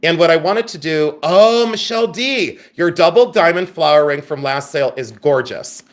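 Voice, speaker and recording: A man with a notably high voice talks his way through a live jewelry sale. He is middle-aged, chatty and playful, and thanks viewers by name while showing off pieces. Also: moderate pace. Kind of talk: live-stream selling chat.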